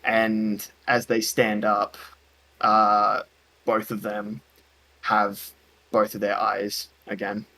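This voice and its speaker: Slow um-filled guy narrating as game master. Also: fairly low pitch, completely flat delivery, gravelly, pushed and bright, rough recording. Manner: hesitant, many ums and uhs.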